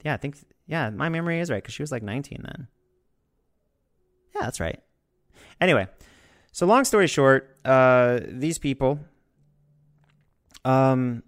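Young guy vlogging, sarcastic, swears a ton, gets loud, smooth lowish voice. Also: dry recording, studio quality. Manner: sarcastic, swears a lot, rising to loud outbursts. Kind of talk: casual storytelling to camera.

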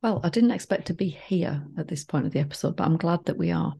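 Gravelly husky podcast co-host. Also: medium pitch, fast, mellow. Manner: teasing, playful. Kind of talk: casual chat.

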